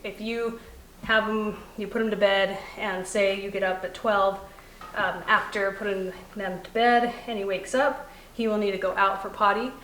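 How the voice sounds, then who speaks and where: A woman dog trainer explaining puppy commands in a calm teaching manner, softly praising the puppy between steps. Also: medium pitch, moderate pace. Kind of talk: instructional demonstration. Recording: echoey room, faint noise.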